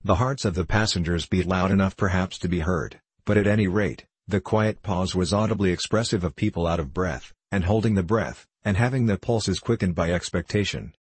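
Male audiobook narrator, deep husky voice, dry close sound. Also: fairly quick, few pauses, dry recording. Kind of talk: scripted classic novel narration.

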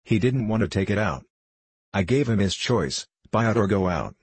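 A man reading the lines of a sullen, stubborn businessman in his own low voice. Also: animated, normal speed, breathy edge, no echo. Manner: sullen, curt.

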